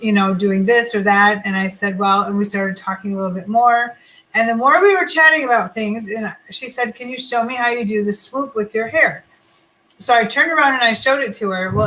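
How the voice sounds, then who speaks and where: A woman's voice: fairly high pitch, sharp tone, poor audio. A woman hosting a casual live chat with her sales team, telling stories and answering viewer comments. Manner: chatty, storytelling, reads viewer comments aloud.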